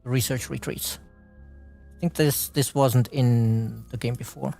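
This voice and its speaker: A man's voice: medium pitch, fairly even intonation, unhurried, gravelly, warm tone, soft background music. A man hosting a live game stream, chatting and commenting on gameplay, laughing often and restarting his words.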